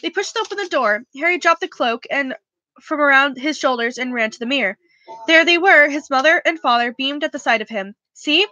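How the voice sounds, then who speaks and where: A woman's voice: high voice, lively intonation, brisk, bright, forceful tone, no echo, lo-fi sound. A woman reading a novel aloud in a casual way, with small slips and restarts. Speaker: reader.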